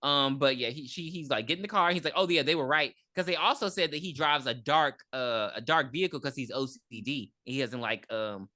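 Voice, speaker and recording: A woman's voice: rumbling low, normal speed, hardly any pauses. A woman co-hosting a podcast, casually retelling a movie's plot with lots of swearing and acted-out lines. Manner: animated retelling, acting out characters, swearing. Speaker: podcast co-host. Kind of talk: casual movie review chat.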